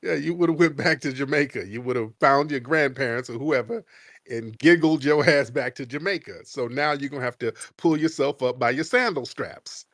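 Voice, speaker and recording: A man hosting a live call-in show, lecturing a caller forcefully and slowing down to stress his points. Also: mid-range voice, no echo, studio quality. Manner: forceful, lecturing, slows for emphasis. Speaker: show host. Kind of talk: heated live call-in debate.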